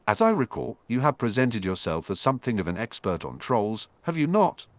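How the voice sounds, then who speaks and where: A man's voice: medium pitch, wildly swooping pitch, a little fast, no room sound. A man voicing a cold, stern male professor who speaks in a cutting, formal way. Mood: sneering.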